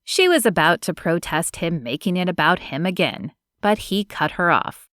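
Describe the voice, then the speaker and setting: A woman narrates an audiobook in a low, even voice. Her delivery is measured and unhurried. The recording is close and dry, with no room sound at all. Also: dry recording. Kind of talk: scripted narration.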